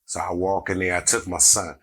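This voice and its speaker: A middle-aged man, a comedian, telling a story in a casual, animated way and acting out the people in it. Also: sits low, brisk, slightly rough. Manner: animated, acts out every character in the story.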